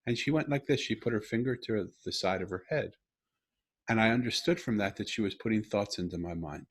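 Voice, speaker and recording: A husky, fairly low-voiced middle-aged man hosting a podcast from a video call. He tells a personal story earnestly, breaking off and restarting, then pushing hard on key lines. The voice carries a slight rasp throughout. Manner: earnest, halting with restarts, rising to animated emphasis. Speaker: podcast host. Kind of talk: conversational storytelling. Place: home room over video call.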